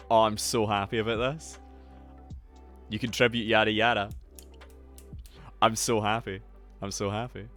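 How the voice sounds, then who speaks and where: A young man hosting a casual live stream, excitable, swearing freely and greeting his chat. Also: fairly low pitch. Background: faint lo-fi music.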